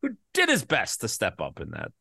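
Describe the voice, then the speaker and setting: A man's voice: lowish voice, huge pitch swings, fairly quick, creaky, pushed and bright, slightly rough, no echo, clean studio sound. A male podcast host talking in a rambling, joking way, full of crude asides and restarts, his voice a little worn from being sick. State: recovering from covid, voice slightly worn. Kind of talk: casual podcast chat.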